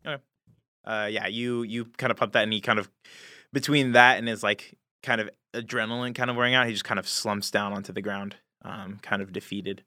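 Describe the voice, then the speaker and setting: Male tabletop game master, bright tone, dry close mic, casual filler-heavy narration. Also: fairly low pitch, fairly even intonation, fairly quick, no echo. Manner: loose, many fillers and hedges.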